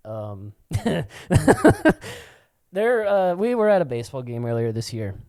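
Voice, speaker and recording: Brief: male podcast co-host, middle pitch, foul-mouthed rant, dry close sound. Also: sing-song, unhurried, darkish tone, clear, resonant tone, no echo. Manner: profane, ranting storyteller. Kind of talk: casual podcast chat.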